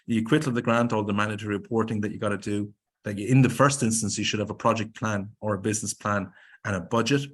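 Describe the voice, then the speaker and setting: A man with an Irish accent giving a webinar presentation on grants, speaking briskly and emphatically and firing off rhetorical questions. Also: lowish voice, steady tone.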